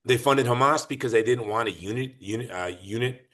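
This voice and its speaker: A man talking as a podcast guest in an emphatic, argumentative way. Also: medium pitch. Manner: emphatic, argumentative, lively and fast-shifting. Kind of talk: animated political talk.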